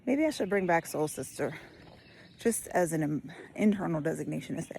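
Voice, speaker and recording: A slightly breathless woman with a lilt talks through her thoughts as she walks outdoors. Her voice sits on the lower side and she pauses often to think. Faint birdsong and outdoor ambience sit behind her. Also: expressive, gravelly, mellow, a little hiss or hum. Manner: thoughtful, musing, many fillers. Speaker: vlogger. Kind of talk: casual spoken reflection while walking. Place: outdoors on a walk.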